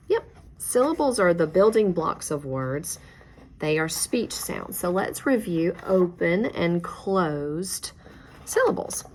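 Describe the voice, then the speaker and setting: A woman teacher giving a reading lesson, patient and encouraging, praising each answer. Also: lowish voice. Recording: faint background noise.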